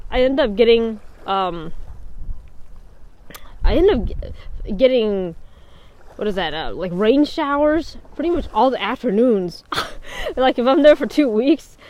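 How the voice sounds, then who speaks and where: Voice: mid-range voice, darkish tone. A livestreamer chatting casually outdoors on a winter beach, laughing often and answering viewer comments. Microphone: mic worn while bundled in a hood. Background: wind noise.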